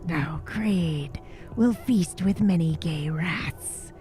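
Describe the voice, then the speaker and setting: A woman voicing a hulking male crocodile brute in a tabletop-style game, in a low raspy whisper with broken, simple grammar. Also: extremely slow, dark tone, faint music behind. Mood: gruff.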